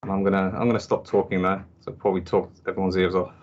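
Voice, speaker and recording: Deep voice guy talking through code on a call, lots of ums, keyboard clacking, muffled audio. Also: level tone, a little mellow. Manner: halting, many restarts and fillers. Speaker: presenter walking through a code sample. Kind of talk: casual screen-share code walkthrough. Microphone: computer mic on a video call. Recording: dull video-call audio with typing.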